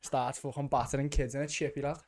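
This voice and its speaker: A man's voice: medium pitch, flat delivery, fast, a little mellow. A young man with a Liverpool accent co-hosting a podcast, chatting in a laid-back, laughing, sweary way. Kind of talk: casual chat.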